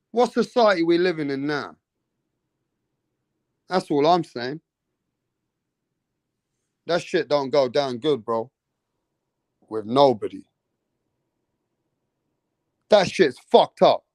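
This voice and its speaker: A man's voice: a little high, lively intonation, takes it slowly, pauses often, darkish tone, dry recording. A man, a boxing channel host, ranting indignantly in heated casual commentary with heavy swearing.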